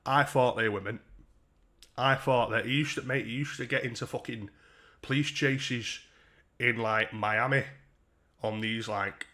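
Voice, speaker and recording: A man's voice: mid-range voice, steady tone, a little slow, long pauses, sharp tone. A man hosting a live stream, talking in blunt, sweary, laddish banter while reacting to donations. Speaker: livestream host. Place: seated under a bright light indoors.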